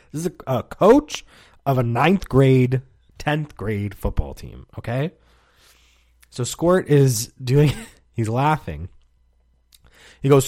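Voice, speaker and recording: A man's voice: lowish voice, lively intonation, moderate pace, darkish tone, no room sound. A man hosting a podcast, telling stories in a rambling, profane, casual way and laughing often, close to the mic. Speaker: podcast host. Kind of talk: casual storytelling monologue.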